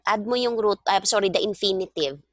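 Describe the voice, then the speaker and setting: A woman's voice: mid-range voice, a little fast, no echo, clean studio sound. A woman teaching a one-on-one language lesson over a video call, explaining patiently step by step. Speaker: language tutor.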